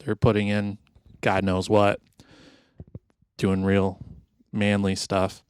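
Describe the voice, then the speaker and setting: A man's voice: on the low side, completely flat delivery, takes it slowly, a little mellow, clear, resonant tone, no room sound. A man co-hosting a casual podcast. He talks wryly and swears a lot, and he reads out research notes. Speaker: podcast co-host.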